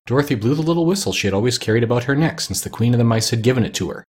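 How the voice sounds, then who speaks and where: A man narrating a storybook reading in a steady, measured way. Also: medium pitch, breathy edge.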